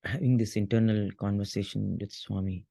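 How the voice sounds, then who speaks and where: Earnest low-voiced man recalling his grief. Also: steady tone, vocal fry, warm tone, no echo. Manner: earnest, halting, with frequent restarts. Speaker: interview guest. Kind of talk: emotional personal reminiscence.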